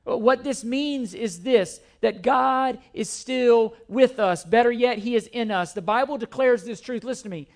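High-voiced man preaching a sermon. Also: unhurried, few pauses. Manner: repetitive, emphatic preaching with scripture quotes. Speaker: pastor.

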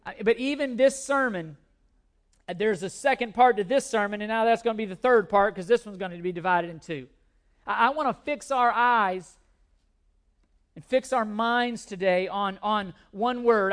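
Brief: pastor in mid-sermon, emphatic, hammers key words, jokes at own expense. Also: medium pitch. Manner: self-deprecating humor.

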